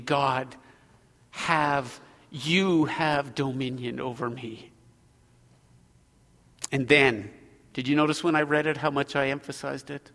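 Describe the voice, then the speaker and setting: A man preaching a sermon as pastor, earnest, moving between loud exhortation and hushed prayer. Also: mid-range voice, steady tone, takes it slowly, pauses often, in a large hall.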